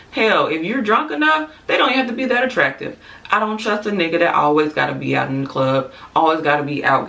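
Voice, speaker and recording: A woman vlogger speaks her mind in a casual, unfiltered rant, swearing freely and dropping quick asides to her viewers. Her voice is bright and clear in tone. She sits a little back from the microphone. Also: lowish voice, far from the mic. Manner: blunt, profane, candid, with frequent asides and laughs. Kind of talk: casual opinion rant to camera.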